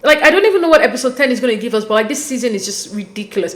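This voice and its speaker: A woman hosting a casual, animated recap, talking conversationally and acting out quotes as she goes. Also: a little high, racing, hardly any pauses, roomy sound. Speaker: podcast host recapping a reality show.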